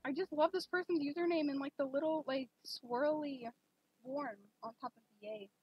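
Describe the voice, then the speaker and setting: Young woman rambling on her stream, high breathy voice, dry dull mic. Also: normal speed, no room sound. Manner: chatty and rambling, many fillers, gushes excitedly. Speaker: game streamer. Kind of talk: casual live-stream chat.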